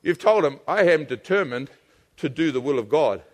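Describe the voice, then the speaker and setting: A man preaching a sermon, animated and calling on the congregation to answer him. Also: fairly high pitch, moderate pace. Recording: long hall reverb.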